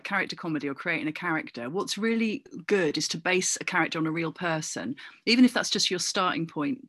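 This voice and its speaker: A woman from Cornwall, an actor and comedian, chatting as an interview guest with animated, anecdotal storytelling. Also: lowish voice, no echo, clean studio sound. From Cornwall, England. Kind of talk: casual interview chat.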